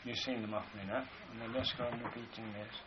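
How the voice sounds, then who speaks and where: A man's voice: on the low side, steady tone, fast talker. A man giving a rambling philosophical lecture, pointing to drawings as he explains. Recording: dull lo-fi recording with faint hiss.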